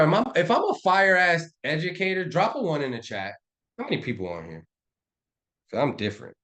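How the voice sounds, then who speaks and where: A man on a live stream breaking down trading charts in a loose, slangy, profane and animated way. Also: on the low side. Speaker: trading educator.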